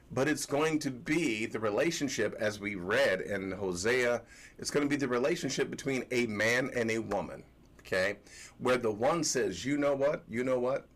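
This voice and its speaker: A man teaching scripture on a livestream in a loose, conversational way. He repeats his phrases, tells stories and talks at an ordinary middle pitch. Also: a bit bright. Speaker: host and religious teacher.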